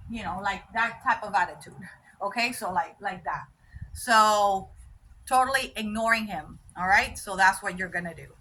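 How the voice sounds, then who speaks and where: A woman's voice: medium pitch, pushed and bright, a little hiss or hum, low-quality recording. A woman dog trainer giving an unscripted lesson to dog owners, patient and repetitive, often checking in with "all right?" and correcting herself as she goes. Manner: unscripted, with restarts and self-corrections. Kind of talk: instructional talk to dog owners.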